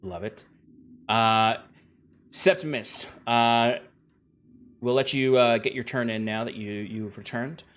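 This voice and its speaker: A man's voice: medium pitch, takes it slowly, long pauses, a bit bright. Casual game master guy. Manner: casual, rambling with restarts and laughs. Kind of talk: running a tabletop game.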